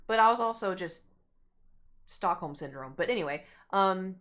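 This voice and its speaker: A woman's voice: fairly low pitch, normal speed. A young woman streamer telling a rambling story to her chat, acting out what people said. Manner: animated, rambling, acts out quotes.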